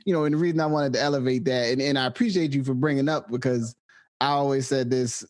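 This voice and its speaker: A man's voice: mid-range voice, steady tone, quick pace, a little mellow, no room sound, clean studio sound. A man hosting a podcast in casual conversation, laid-back and affirming, laughing easily and using slang. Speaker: podcast host.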